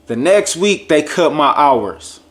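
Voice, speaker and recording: A man vlogging a personal testimony, telling a lively, jokey story straight to his viewers and acting out other people's lines. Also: fairly high pitch, slow. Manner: addresses viewers directly and casually. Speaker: vlogger sharing a faith testimony.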